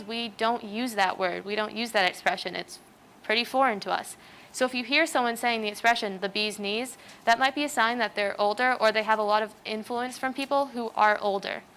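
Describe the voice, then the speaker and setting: A woman's voice: a little high, fairly bright tone, slight background noise. A teenage girl giving an earnest, example-filled student talk on a school stage. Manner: earnest, explanatory, uses many examples. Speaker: student speaker. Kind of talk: prepared presentation talk.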